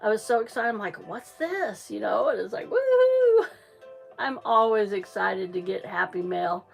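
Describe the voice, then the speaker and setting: A woman's voice: medium pitch, fairly even intonation, fairly quick, gravelly, faint music behind. A middle-aged woman chatting casually on a livestream from her small trailer, rambling with lots of ums and restarts, a little out of breath. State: slightly out of breath. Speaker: livestream crafter.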